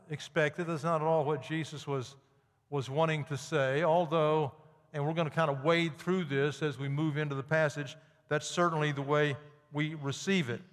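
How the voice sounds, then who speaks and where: A man's voice: on the high side, big-room sound. A man preaching a sermon as pastor, emphatic and rising sharply on key points.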